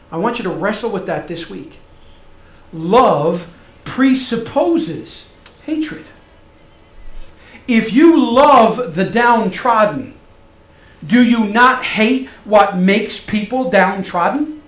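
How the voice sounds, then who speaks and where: Dramatic high-voiced male preacher, echoey. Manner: dramatic, swings from loud emphatic to soft hushed. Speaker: pastor. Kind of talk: sermon.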